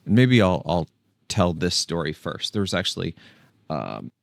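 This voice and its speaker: Guy with a real deep voice just meandering on camera, dry close sound. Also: moderate pace, gravelly, no echo. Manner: relaxed, rambling, thinks aloud with restarts. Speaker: tech channel host. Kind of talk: casual solo video talk.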